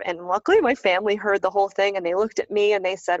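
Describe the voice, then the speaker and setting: A woman tells a story in relaxed talk and gives each quoted person a voice. Her voice sits in a middle range. The recording is dry and a little muffled, with a lo-fi edge. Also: mid-range voice, fast talker, hardly any pauses, no room sound. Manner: animated, acts out quoted voices. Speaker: guest. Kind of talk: conversational storytelling.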